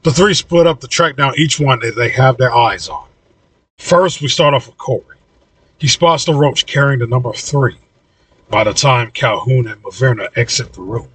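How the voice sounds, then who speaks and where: A man reading his own audiobook in an even, low-key narration. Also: moderate pace, husky, dry recording, distant mic, poor audio.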